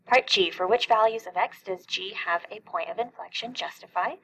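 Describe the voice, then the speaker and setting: Creaky-voiced woman teaching calculus. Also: medium pitch, normal speed, fairly bright tone, low-quality recording. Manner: explains step by step, asks and answers own questions. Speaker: math teacher. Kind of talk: calculus lesson walkthrough.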